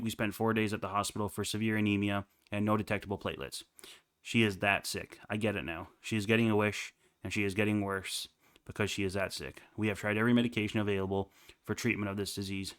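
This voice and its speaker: A man's voice: on the low side, a bit bright, no echo, studio quality. A man in his twenties reading online confessions aloud and breaking off into casual, rambling comments full of fillers. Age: 20s. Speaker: reddit reaction host.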